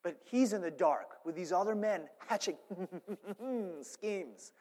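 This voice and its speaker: Preacher guy with a highish voice, goes quiet then loud, big reverb hall. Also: normal speed. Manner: animated storytelling, swings between hushed and loud. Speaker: pastor. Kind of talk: sermon.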